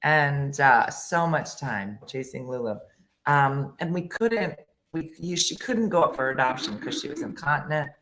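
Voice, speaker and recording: A middle-aged woman hosting a casual morning show with a hoarse voice and a lingering cough, who chats in a rambling, self-mocking way and laughs often. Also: low-pitched, animated, a little slow, fairly bright tone. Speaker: host. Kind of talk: casual morning show chat, reading viewer comments.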